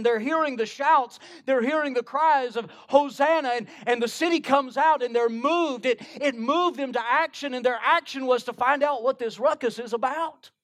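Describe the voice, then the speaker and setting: A man's voice: very high-pitched, a bit bright. A man preaching a sermon, retelling a Bible story and quoting scripture in old King James wording, often restarting his phrases.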